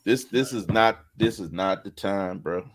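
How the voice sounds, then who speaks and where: Laid-back low-voiced man chatting. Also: slightly rough. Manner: laid-back, laughs often, drawn-out storytelling. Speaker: podcast co-host. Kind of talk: casual chat among friends.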